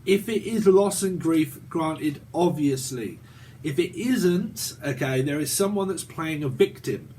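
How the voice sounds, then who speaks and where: A man's voice: on the high side, animated, measured pace, mellow, slight background noise. A man in his forties with a British accent, giving a rambling, profane tarot reading and laughing often. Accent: British English. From Britain. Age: 40s. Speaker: tarot reader. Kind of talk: casual tarot reading monologue.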